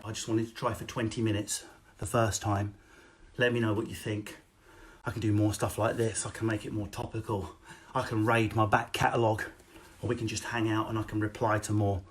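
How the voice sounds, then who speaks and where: Man, stand-up comic, brash, sweary, animated, fast delivery, home webcam stream. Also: lowish voice. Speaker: stand-up comedian. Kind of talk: live-streamed stand-up set. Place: home, indoors. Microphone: phone or webcam.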